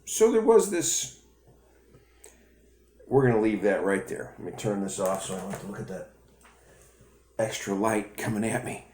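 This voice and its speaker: A man's voice: lowish voice, steady tone, fairly quick, darkish tone, a little hiss or hum. A man hosting a ministry video, telling a story in a rambling way with restarts. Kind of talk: storytelling sermon. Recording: echoey room.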